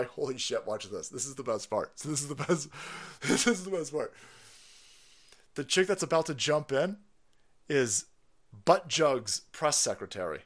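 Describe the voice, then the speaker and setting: A man's voice: fairly high pitch, fairly bright tone. A man ranting on his stream as a political commentator, foul-mouthed, sarcastic and mocking. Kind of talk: profane political rant on a stream.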